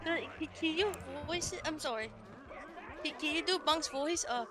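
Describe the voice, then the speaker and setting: A woman's voice: sits high, normal speed, crowd noise. A woman on a stream call, speaking hesitantly with many fillers. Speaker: stream guest. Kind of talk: casual chat. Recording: noisy background.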